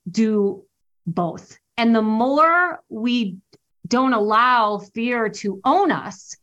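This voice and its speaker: A woman's voice: on the high side, expressive, drawn-out words, a bit bright, lo-fi sound. A woman author speaking as an interview guest, earnest and motivational, acting out her own inner dialogue as she talks. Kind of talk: interview conversation.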